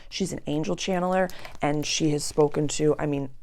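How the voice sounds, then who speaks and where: A young woman with a low, gravelly voice talks to her viewers about astrology and personal growth. Her talk is chatty and rambling, full of asides, and now and then she drops into a whisper. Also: steady tone, normal speed, darkish tone. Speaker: astrology channel host. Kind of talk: casual spiritual talk to camera.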